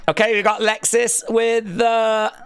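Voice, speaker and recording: A man's voice: sits high, level tone, a little slow, a bit bright, clean tone. An English man with an English accent, hosting a wrestling watch-along live stream and chatting casually in a rambling, joking way. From England.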